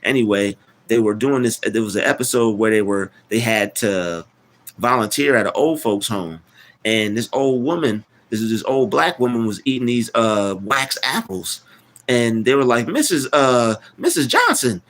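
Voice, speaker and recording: A man hosting a casual live stream, rambling, repeating words and giving shout-outs to chat. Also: on the low side, normal speed.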